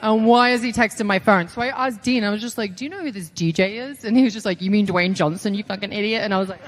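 A young woman speaks as a podcast guest in an easy, mid-pitched voice. She tells her stories in a loose, animated way, acting out quotes and swearing freely. It feels like a casual, lively chat. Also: quick pace. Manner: animated storyteller, acts out quotes, swears, laughs often. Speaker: podcast guest, pro wrestler.

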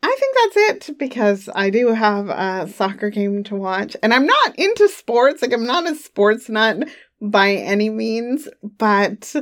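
A woman with a slightly high, sing-song voice talks at a measured pace through her monthly update. This adult audio creator is chatty and giggly on her home studio microphone, trails off with fillers, and has a slightly runny nose.

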